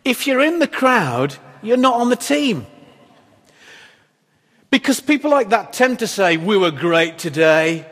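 High-voiced man preaching in an echoey hall. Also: very animated, unhurried, long pauses, fairly bright tone, breathy edge. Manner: conversational, wry preaching with rhetorical questions. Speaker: pastor. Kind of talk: sermon.

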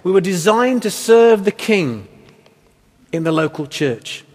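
A man's voice: high-pitched, animated, measured pace. A man preaching a sermon as pastor, earnest and emphatic, with rhetorical questions. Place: church hall. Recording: long hall reverb.

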